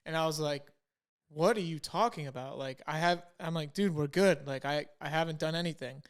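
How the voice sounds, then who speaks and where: A man's voice: fairly high pitch, fairly quick, smooth. A young man, a podcast co-host, telling a story in casual chat and acting out the dialogue. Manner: animated, quotes himself and others in dialogue.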